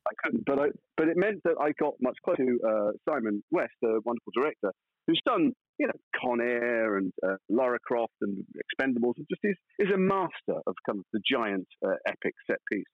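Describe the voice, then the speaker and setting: A man's voice: mid-range voice, big pitch swings, brisk, narrow, tinny audio. A man, an actor guest in a casual interview, telling stories playfully with mock outrage.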